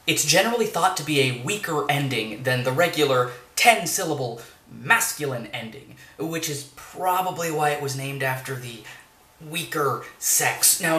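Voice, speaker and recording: A young adult lecturer talks through verse with a bright, animated delivery, wry and emphatic. The voice sits a little back from the mic in an echoey room. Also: medium pitch, recorded from a distance. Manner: lively, wry, emphatic when stressing rhythms. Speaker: teacher.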